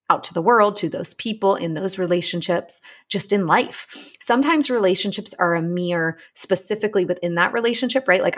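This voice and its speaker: A woman coaching on a podcast in a casual, earnest monologue, chatty with asides and restarts, and slowing down to repeat her key points. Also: lowish voice, slightly rough. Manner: earnest, repeats key lines slowly for emphasis. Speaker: relationship coach and podcast host.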